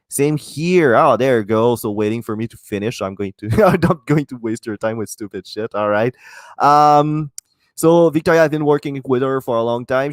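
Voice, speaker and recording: A man's voice: medium pitch, clean tone, dry recording. Man, Quebec French accent, podcast host, rambling, profane, self-mocking, dry close sound. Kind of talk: casual profane chat.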